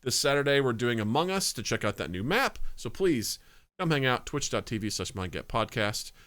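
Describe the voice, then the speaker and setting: A man's voice: mid-range voice, very animated, normal speed, fairly bright tone. A man co-hosting a casual podcast, upbeat as he plugs other shows and the podcast's channels. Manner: upbeat, plugging shows and socials. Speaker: podcast co-host.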